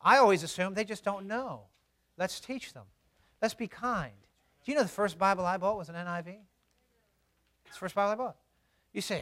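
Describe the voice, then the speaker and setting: A man, a pastor, delivering a sermon with animated storytelling, moving from soft asides to loud, emphatic preaching. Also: high-pitched, brisk.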